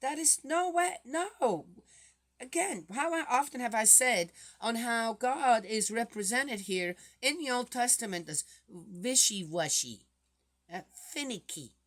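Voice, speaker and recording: A woman reading scripture aloud and commenting on it, reading quietly and then reacting with indignant exclamations. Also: a little high, expressive, measured pace. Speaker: bible commentator.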